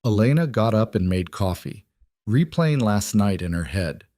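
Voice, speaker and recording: A man narrating a scripted romance story in an even, measured way. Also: lowish voice, dry recording.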